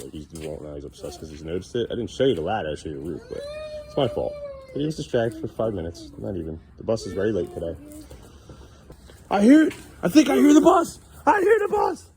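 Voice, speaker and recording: A man talking casually to his young son as a father, playful and coaxing, teasing him now and then. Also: low voice.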